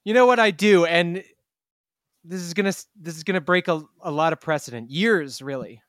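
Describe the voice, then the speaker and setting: A man co-hosting a comedy podcast, joking in casual chat with a deadpan delivery. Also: a little high, a little fast, no echo, studio quality. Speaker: podcast co-host.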